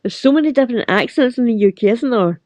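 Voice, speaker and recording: A woman's voice: a little high, animated, quick pace, darkish tone, dry recording. A middle-aged Scottish woman hosting a casual livestream chat, rambling with lots of fillers and frequent laughs. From Scotland. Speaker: livestream host. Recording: dull lo-fi sound.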